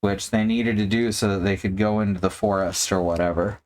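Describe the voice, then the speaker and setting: A man's voice: fairly low pitch, steady tone, a little fast. A man hosting a live stream, chatting casually and joking as he thinks aloud while painting miniatures.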